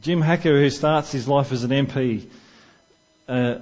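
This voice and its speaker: A man delivers a sermon in a church in an easy, conversational way, putting questions to his listeners. His voice sits at a middle pitch. The recording sounds somewhat dull and lo-fi. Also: measured pace, darkish tone. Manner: conversational, asks the congregation questions. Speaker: preacher.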